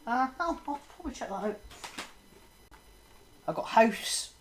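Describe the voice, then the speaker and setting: A woman's voice: a little high, expressive, measured pace, a little hiss or hum. Woman rambling casually about films. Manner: rambling, lots of fillers and trailing laughs. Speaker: podcast co-host.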